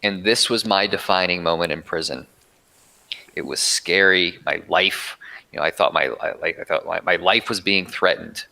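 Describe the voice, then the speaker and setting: A man as a podcast guest, telling a personal story in an earnest, reflective way with halting restarts. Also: deep voice, creaky, sharp tone, poor audio.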